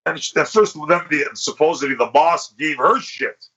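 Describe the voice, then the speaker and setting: A man's voice: a little high, expressive, moderate pace, sharp tone. A male podcast host in casual chat, telling crude stories full of swearing and acting out what people said. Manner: crude, profane storytelling, acts out quotes. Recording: lo-fi podcast recording.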